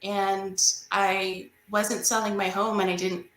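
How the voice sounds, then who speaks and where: Woman guest, earnest storyteller, medium pitch, roomy echo around her voice. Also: little pitch movement, takes it slowly, a bit bright. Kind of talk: faith testimony and teaching.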